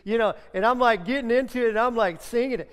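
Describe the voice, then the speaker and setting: High-voiced preacher in a reverberant hall. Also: male voice, fast, clear, resonant tone. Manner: chatty storytelling, breaks into song. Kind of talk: sermon. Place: church sanctuary.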